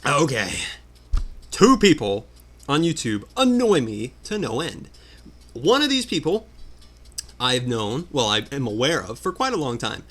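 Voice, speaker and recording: A man's voice: medium pitch, wildly swooping pitch, measured pace, long pauses, a bit bright, slight background noise. A man ranting in exasperated commentary while playing a video game. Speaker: let's player. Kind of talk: ranting commentary over gameplay.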